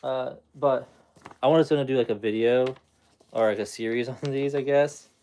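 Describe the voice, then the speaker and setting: A man's voice: medium pitch, fairly even intonation, normal speed, warm tone. A man hosting a casual livestream, chatting loosely with viewers in a rambling, easygoing way. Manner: rambling, talks to his dog between chat replies. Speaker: livestream host.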